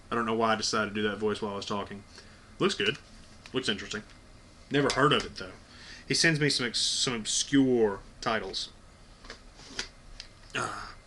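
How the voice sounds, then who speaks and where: A man's voice: fairly low pitch, fairly even intonation, normal speed, pauses often, sharp tone, a little hiss or hum. A man hosting a casual unboxing video, talking bluntly and enthusiastically with plenty of swearing. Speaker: video host.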